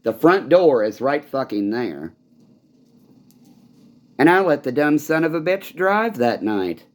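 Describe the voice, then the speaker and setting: A man's voice: a little high, big pitch swings, takes it slowly. A man giving an angry, rambling personal monologue, swearing often and sounding bitter. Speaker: vlogger.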